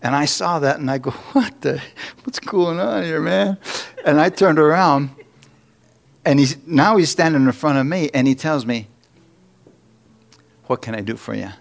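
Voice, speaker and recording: A man's voice: a little high, moderate pace, pauses often. A man preaching in church, telling a story with acted-out quotes and little jokes. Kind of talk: sermon testimony.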